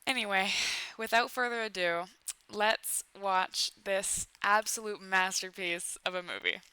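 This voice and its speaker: Bright, sarcastic young woman commentator. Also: medium pitch, measured pace, clear, resonant tone. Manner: sarcastic, playful asides. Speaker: YouTube commentary host. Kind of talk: casual comedic movie commentary.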